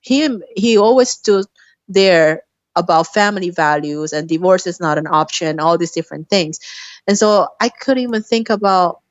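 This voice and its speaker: A woman's voice: on the low side, normal speed, no room sound. A woman guest candidly telling a personal story in a casual interview, often laughing between sentences. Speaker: podcast guest. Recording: dull lo-fi dry sound.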